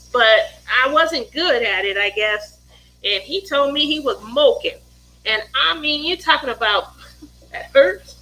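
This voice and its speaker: A middle-aged woman hosting a relaxed craft chat, with a high, bright voice. She tells family stories in an animated way, laughing often and putting on the voices of the people in them. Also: gravelly, rough recording. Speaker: craft livestream host. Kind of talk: casual chat while crafting.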